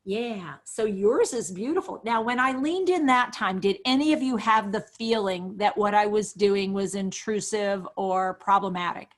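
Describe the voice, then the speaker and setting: A woman teaching a webinar on dementia care, talking over a video call with a lively, demonstrative manner. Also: medium pitch, moderate pace, hardly any pauses. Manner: lively, demonstrative, acts out examples. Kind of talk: webinar presentation.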